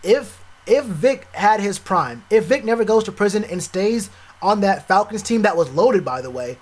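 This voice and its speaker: A young man streaming live, chatting casually with viewers, animated and repetitive, full of slang. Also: sits high, moderate pace. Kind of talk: live stream reaction chat.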